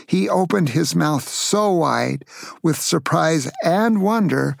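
A man's voice: fairly high pitch, gravelly, no echo, clean studio sound. An older man from Tacoma, Washington, telling a family story to grandchildren in a playful way, asking the listener questions. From Tacoma, Washington, USA.

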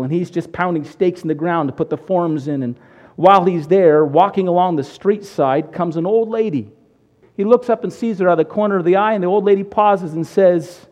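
A man preaching a sermon on radio, telling a story with lively acted-out quotes. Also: high voice. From United States. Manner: animated storyteller, acts out quotes. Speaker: pastor. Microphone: radio broadcast recording.

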